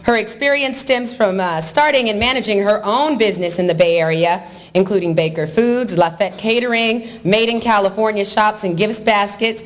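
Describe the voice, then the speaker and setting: A woman at a hotel ballroom gala introduces the next honoree. She reads a prepared biography at a steady pace, with a few small slips along the way. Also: medium pitch, normal speed. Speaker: awards presenter.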